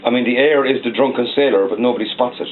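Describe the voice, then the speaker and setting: Sitting in a record shop's back office, a singer-songwriter from Cork, Ireland, in his forties chats casually and at length for an interview, peppering his speech with "like." He speaks in a mid-range voice at a racing pace. The recording sounds narrow and tinny, with a bit of hiss or hum.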